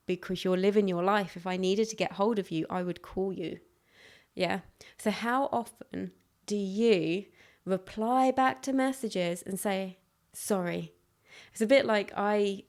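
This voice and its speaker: Frank, chatty woman podcast host. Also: mid-range voice. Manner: frank, chatty, with quick restarts and acted-out quotes. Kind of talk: casual solo podcast monologue.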